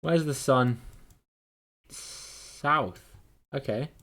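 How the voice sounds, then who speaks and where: A man's voice: medium pitch, very slow, fairly bright tone. A man giving chatty, playful live-stream commentary while playing a guessing game with his viewers, greeting them by name and swearing casually.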